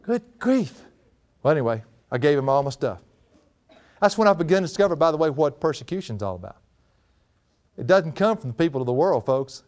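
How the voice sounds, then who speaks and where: A man's voice: on the high side, expressive, fast, darkish tone. A middle-aged man with a drawl preaching a folksy storytelling sermon, often breaking into laughter.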